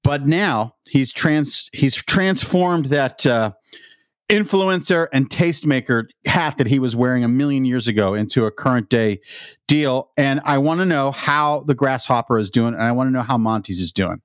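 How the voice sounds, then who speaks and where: A man's voice: medium pitch, moderate pace, no echo. Friendly man hosting a dry-sounding chat. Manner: friendly, reminiscing, laughs often. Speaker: host. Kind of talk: casual interview chat.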